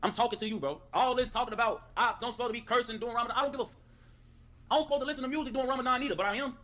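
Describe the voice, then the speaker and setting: A man's voice: very high-pitched, very fast. A man delivering a profane, repetitive livestream rant. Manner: animated, repetitive, cursing.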